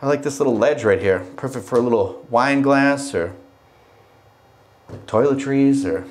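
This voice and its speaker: A man's voice: mid-range voice, normal speed, a little mellow. A young man casually giving a hotel room tour, chatty and jokey with self-mocking asides. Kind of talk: casual walk-through vlog.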